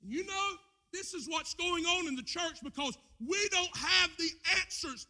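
Male pastor, high voice, impassioned church sermon with big swings in volume. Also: measured pace. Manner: impassioned preaching, swinging between shouts and low asides. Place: church with a screen.

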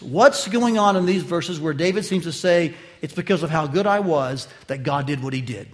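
High-voiced man preaching with emphasis. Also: expressive, normal speed, few pauses. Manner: emphatic, with swings from loud to quiet; addresses listeners directly with questions. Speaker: pastor. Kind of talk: expository sermon.

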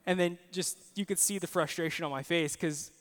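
A man's voice: a little high, fairly even intonation, a little fast, fairly bright tone, in a large hall. A young man preaching a sermon, earnest and personal, telling stories on himself with self-deprecating asides. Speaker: pastor.

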